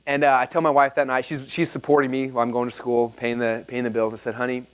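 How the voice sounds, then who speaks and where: Fast-talking energetic man telling a story. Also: medium pitch. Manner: energetic, casual, heavy on "like" fillers. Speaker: seminar presenter. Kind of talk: storytelling talk to a live audience. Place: room with a live audience.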